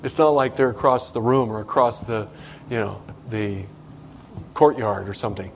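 A man preaching a sermon to a congregation in a conversational way, acting out quoted voices with big swings in pitch. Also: normal speed, slight background noise. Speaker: pastor.

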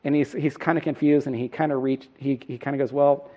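A man's voice: mid-range voice, steady tone, fast talker, lo-fi sound. A middle-aged man preaching a sermon, earnest and self-deprecating, putting questions to the congregation. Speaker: pastor.

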